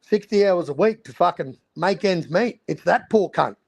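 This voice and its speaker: A man's voice: high voice, lively intonation, normal speed, creaky, a crowd in the background. An Australian man ranting in casual chat, swearing heavily. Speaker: stream host.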